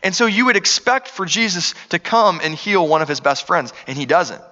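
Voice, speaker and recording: A man's voice: high voice, lively intonation, moderate pace, bright, forceful tone, in a large hall, highs cut off. A man preaching a sermon, earnest and conversational, asking the room rhetorical questions. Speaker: pastor.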